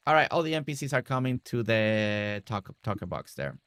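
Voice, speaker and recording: A male gaming streamer plays a building game, chatting casually, repeating himself, and talking to the on-screen characters. His voice is low-ish, expressive, and a bit bright with a clean tone at normal speed, in a dry recording.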